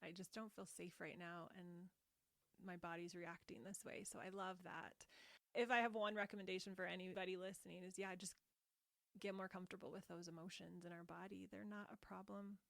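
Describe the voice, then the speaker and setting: A woman's voice: fairly low pitch, flat delivery, a little fast, creaky, no room sound. A woman talking expressively and emphatically on a parenting podcast, laughing easily.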